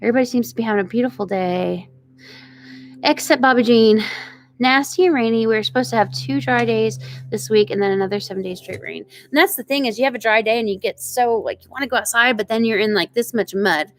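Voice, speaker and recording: A woman's voice: a little high, a little fast, a little hiss or hum. A middle-aged woman from Oklahoma with an Oklahoman accent hosts a casual live stream outdoors, chatting and greeting viewers by name. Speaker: ranch channel host reading live chat. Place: outdoors on a ranch.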